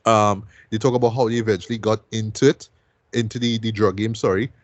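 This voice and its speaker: A man's voice: on the low side, fairly even intonation, fairly quick, dry recording. A man hosting a music review show, talking loosely and casually and ending most sentences with "right?".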